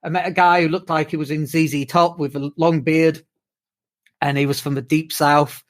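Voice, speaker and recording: Higher-voiced British man telling stories. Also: moderate pace. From United Kingdom. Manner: swearing, animated storytelling with mimicked whoops. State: exhausted from jet lag. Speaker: podcast co-host. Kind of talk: casual chat.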